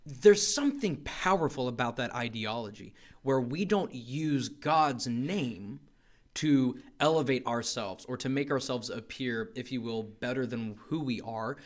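A man's voice: medium pitch, moderate pace, few pauses. A man co-hosting a podcast, talking through a Bible passage in a conversational, emphatic way. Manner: conversational, emphatic, thinks aloud. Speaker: podcast co-host. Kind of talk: casual Bible discussion.

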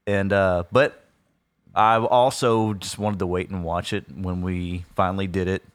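Low-voiced man, hesitant and easygoing. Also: little pitch movement, a little slow, no echo. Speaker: podcast co-host. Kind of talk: casual chat.

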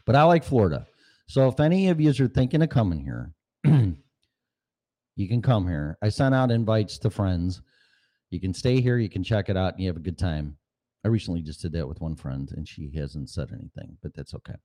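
A man hosting a podcast, rambling loosely and swearing through a casual sound check. His voice sits on the low side, and he keeps pausing to clear his throat. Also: expressive, warm tone. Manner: rambling and profane. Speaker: podcast host.

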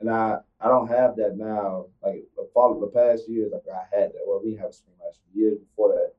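A young man, a college football player, answering interview questions in a halting, casual way, often restarting his sentences. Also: fairly low pitch, steady tone, narrow, tinny audio. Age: young adult.

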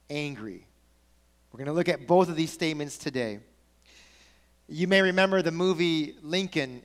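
A man delivers a sermon in a conversational, animated way, moving between storytelling and casual asides to his congregation. His voice sits high for a man. The sound carries the long reverb of a large hall. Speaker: pastor.

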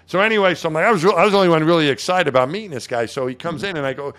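A man's voice: on the high side, very fast, a bit bright. Rambling middle-aged man telling stories. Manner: rambling storyteller with many restarts. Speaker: podcast co-host. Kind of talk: casual chat.

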